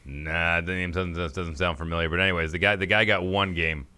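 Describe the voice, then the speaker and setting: A man's voice: deep voice, fairly even intonation, fairly quick, pushed and bright, clean tone. A man co-hosting a podcast, chatting casually and joking, sometimes slipping into goofy quoted voices. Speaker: podcast co-host. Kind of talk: casual chat.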